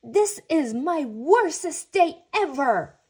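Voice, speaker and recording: A woman voicing a grumpy young boy turtle in a storybook, with loud whiny outbursts. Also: high voice, very animated, slow, voice pushed up, heavily acted. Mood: furious.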